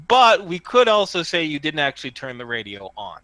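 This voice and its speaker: A man's voice: a little high, sing-song, fairly quick, hardly any pauses, pushed and bright, no echo. A man running a tabletop game as game master, rambling and laughing often.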